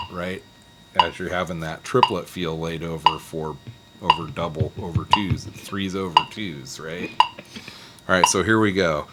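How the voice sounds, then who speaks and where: A man with a low voice teaches a casual guitar lesson at a moderate pace, guiding students through a scale and counting picking strokes aloud in a relaxed, encouraging manner. Loud guitar playing runs underneath his speech.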